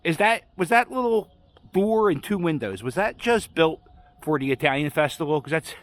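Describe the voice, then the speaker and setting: A man's voice: on the high side, expressive, normal speed, dry recording. A man walking outdoors on a city street, chatting casually and rambling as he hosts a walking vlog. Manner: chatty, rambling, self-deprecating. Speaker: vlogger walking tour host.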